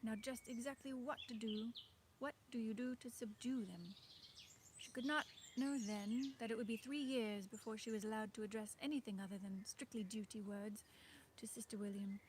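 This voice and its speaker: A woman putting on the voice of a refined 1950s film actress while reading a novel aloud, measured and lilting, with soft whispered endings to phrases. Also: a little high, fairly even intonation, noisy background, natural voice. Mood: genteel. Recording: birdsong in the background. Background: birdsong.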